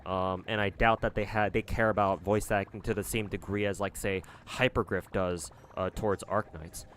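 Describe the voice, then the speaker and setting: Low-voiced male streamer, rambling. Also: steady tone, normal speed, a bit bright, a little hiss or hum. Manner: rambling, with frequent fillers. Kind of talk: casual live-stream chat.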